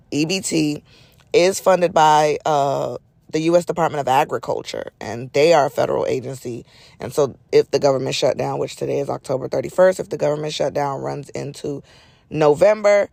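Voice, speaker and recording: A woman's voice: deep voice, gravelly, darkish tone, no echo. A middle-aged woman hosting a solo podcast in casual, chatty talk, her nose a little stuffy, with folksy asides. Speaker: podcast host.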